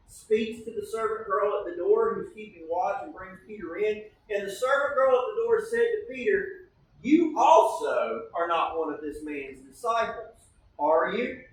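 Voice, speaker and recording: Preacher in an echoey church hall. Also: male voice, sits high, recorded from a distance, slight background noise. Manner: conversational teaching, often asks the congregation "right?". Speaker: pastor. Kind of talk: sermon. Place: church sanctuary.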